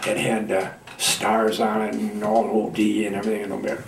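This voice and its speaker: A man in his nineties from Michigan, a veteran telling his war memories in a halting, folksy way with plain colloquial grammar. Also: fairly low pitch, monotone, gravelly, reverberant, recorded from a distance, noisy background. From Michigan, United States. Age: 90s. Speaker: veteran interviewee. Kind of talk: oral history reminiscence.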